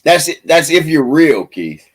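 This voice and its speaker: A man's voice: fairly high pitch, big pitch swings, a little slow, breathy edge, poor audio. A man co-hosting a live stream, joking and teasing in casual chat. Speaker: stream co-host.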